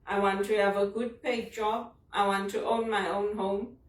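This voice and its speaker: A woman's voice: mid-range voice, level tone, moderate pace, a little hiss or hum. Lady musing earnestly on camera, mic kinda far off, echoey room. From Zimbabwe. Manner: earnest, personal, reflective. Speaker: vlogger discussing a leadership book. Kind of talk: casual reflective monologue. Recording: roomy sound from a distant mic.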